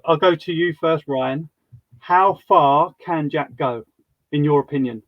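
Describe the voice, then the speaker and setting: A man's voice: on the high side, measured pace, dry recording. A man hosting a podcast, chatty, asking long wind-up questions. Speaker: podcast host. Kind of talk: casual interview chat. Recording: dull dry lo-fi sound.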